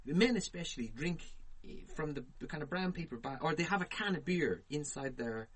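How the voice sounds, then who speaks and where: A man, co-hosting a podcast and telling profane, animated stories in casual chat. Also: on the high side, fairly quick, slightly rough. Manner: profane, animated, laughs through his stories. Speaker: podcast co-host.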